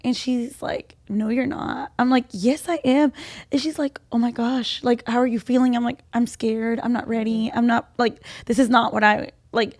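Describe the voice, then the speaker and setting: A woman's voice: a little high, fairly even intonation, normal speed, darkish tone, no echo. A woman in her late twenties, pregnant, telling a personal story in a chatty way with a lot of "like"s as a podcast co-host. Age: 20s. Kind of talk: casual chat.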